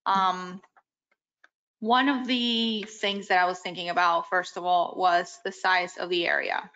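A woman at a mid pitch speaks with a voice that is going hoarse. She talks in a measured, conciliatory way at a desk microphone in a municipal meeting room. The audio is slightly dull. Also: sharp tone. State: losing her voice. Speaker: city board member. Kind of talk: public meeting discussion.

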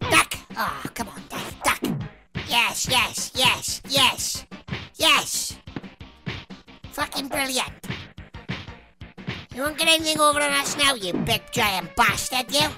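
Foul-mouthed British woman yelling at a boxing game. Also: high voice, animated, slow, pauses often. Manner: foul-mouthed, shouting insults at the screen. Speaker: gamer. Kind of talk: let's play commentary. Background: game music.

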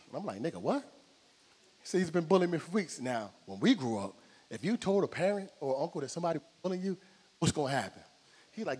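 This middle-aged comedian from New Jersey talks fast in a slightly high voice, playing every character in his stories during a club set with an audience listening. Long reverb trails his words, with a little noise behind him.

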